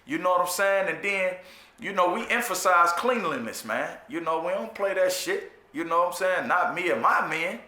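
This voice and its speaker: In an echoey room, a man with a high voice recounts his jail time at a moderate pace. It's a casual, animated storytelling monologue, peppered with profane street slang, restarts, repetitions, and repeated "you know what I'm saying."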